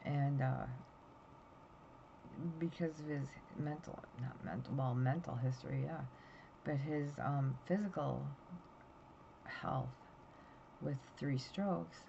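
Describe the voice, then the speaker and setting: This fifties-aged vlogger has a very deep, gravelly voice, speaking slowly with frequent pauses. Tired and yawning, she chats casually to her phone camera, anxiously rambling through a story, captured in dull lo-fi audio with a bit of faint noise.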